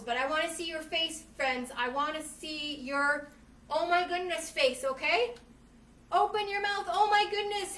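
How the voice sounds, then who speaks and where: A high-voiced woman teaching yoga to children, reading from a storybook and cheerfully coaching poses. She sounds a little distant from the mic, and her voice rings around an echoey room with faint ambience behind her. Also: slight background noise. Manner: animated, playful, addresses children as friends.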